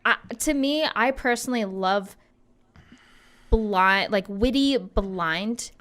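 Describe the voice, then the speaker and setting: Female podcast co-host, clean smooth voice, mid pitch, chatty and informal. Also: lively intonation, slow, a bit bright. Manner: chatty, lots of "like" fillers. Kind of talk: casual chat.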